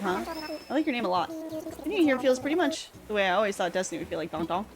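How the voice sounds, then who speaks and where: A woman's voice: medium pitch, sing-song, quick pace, crowd noise. A young woman with a Canadian accent, a streamer chatting casually and rambling with many fillers while she plays. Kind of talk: casual livestream chat. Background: faint game music.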